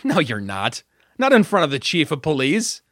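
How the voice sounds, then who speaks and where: A man's voice: fairly high pitch, wildly swooping pitch, normal speed, fairly bright tone, no echo, studio quality, exaggerated voice. A man voicing a small, defiant teenage girl in an audiobook, speaking in a mocking, taunting way.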